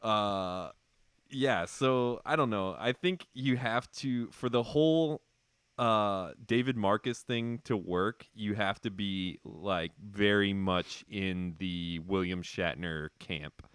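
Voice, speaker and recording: A man's voice: lowish voice, takes it slowly, a bit bright, clear, resonant tone, no room sound. A man hosting a casual movie podcast, laughing often and trailing off mid-sentence. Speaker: podcast host. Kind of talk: casual chat.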